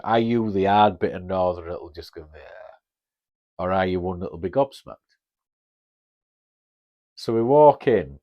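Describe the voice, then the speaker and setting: Chatty Northern English man, low voice. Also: a little mellow. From Northern England. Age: 50s. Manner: chatty, blunt, swears freely. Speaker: podcast host. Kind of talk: casual storytelling.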